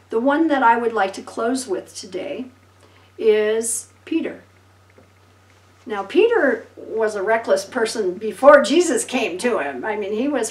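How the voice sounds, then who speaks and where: Animated woman preaching in an echoey room. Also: fairly high pitch, far from the mic. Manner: animated storytelling, acting out voices and laughing. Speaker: pastor. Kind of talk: sermon.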